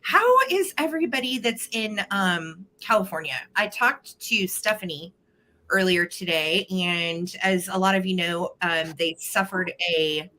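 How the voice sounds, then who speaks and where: A woman's voice: lowish voice, a little slow, sharp tone. Bubbly woman hosting a live sale. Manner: bubbly, greets viewers by name. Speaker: host of a live online vintage sale. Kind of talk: casual live-stream chat.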